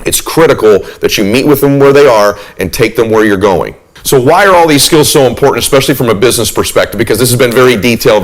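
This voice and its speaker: A middle-aged man giving a motivational talk, earnest and emphatic, often slowing down or speeding up and changing his volume to make a point. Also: medium pitch, rough recording. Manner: earnest, emphatic, shifts pace and volume to demonstrate. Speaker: motivational speaker.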